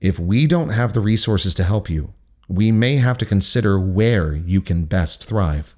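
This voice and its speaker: A man voicing a stern male school principal who talks in a measured, formal way. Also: low-pitched, animated, darkish tone.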